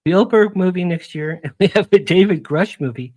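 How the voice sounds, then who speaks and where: A man's voice: high-pitched, moderate pace, darkish tone, no room sound. A man talking as a guest on a radio interview show, rambling and jumping between topics in casual chat. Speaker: guest publicist.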